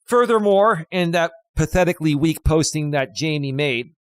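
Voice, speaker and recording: A man's voice: fairly high pitch, animated, normal speed, clean tone, no echo. A man hosting a livestream, ranting in a combative, taunting way and repeating himself for emphasis. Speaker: livestream host. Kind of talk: confrontational livestream rant.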